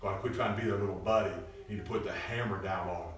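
A man preaching a lively sermon, animated and prone to loud bursts and mimicking people, recorded in a church hall from a distance. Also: fairly low pitch, very fast. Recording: echoey church, mic at a distance.

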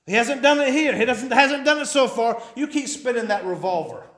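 A man's voice: very high voice, animated, moderate pace, a bit bright, roomy sound. A man preaching a sermon as a pastor, fiery and pleading with a folksy drawl.

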